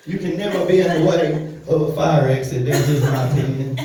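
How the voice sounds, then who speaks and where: A man's voice: a little high, a little fast, darkish tone. Crude man doing stand-up. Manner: crude, loose storytelling with frequent cursing and laughing at his own jokes. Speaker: stand-up comedian. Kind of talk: stand-up comedy set. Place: comedy club room. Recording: echoey room, voice from far off.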